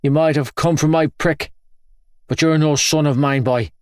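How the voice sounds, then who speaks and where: A man's voice: on the high side, steady tone, normal speed, clean tone, no room sound, voice pushed up, lightly acted. A man voicing a violent, sneering middle-aged father who roars and taunts, slightly raised above his narrating voice.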